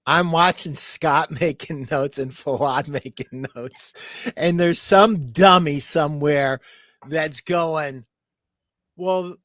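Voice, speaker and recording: Brief: male host of an online call, unhurried, amused chat, voice fairly high, dry sound. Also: fairly bright tone, no echo. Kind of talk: casual chat. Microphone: video call.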